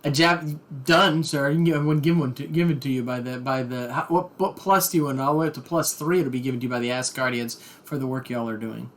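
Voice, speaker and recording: A man running a tabletop game as game master, brisk and laughing, calling his players sir. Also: mid-range voice, fairly even intonation, slight background noise.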